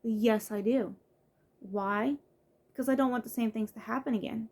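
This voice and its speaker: A young American woman vlogger rants to camera in a casual video, venting her frustration with lots of fillers and restarts. Her voice is a little high and slightly mellow, at a normal pace.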